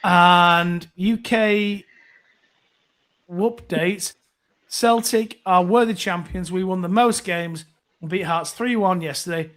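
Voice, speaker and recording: A chatty man with a rather high voice hosts a casual live phone-in. He rambles along as he reads out viewer comments, filling gaps with ums and asides. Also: takes it slowly, a bit bright. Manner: chatty and rambling, many fillers. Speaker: host reading viewer comments.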